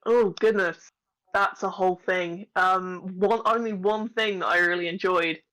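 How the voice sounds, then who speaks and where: A woman's voice: on the low side, fairly even intonation, a little slow, fairly bright tone, rough recording. A woman co-hosting a podcast, chatting casually with lots of laughter and self-deprecating asides. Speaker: podcast co-host. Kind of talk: casual chat.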